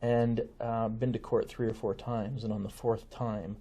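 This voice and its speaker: Dark husky-voiced male lawyer. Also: medium pitch, level tone. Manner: measured, explains with examples and asides. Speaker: family lawyer guest. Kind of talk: conversational interview.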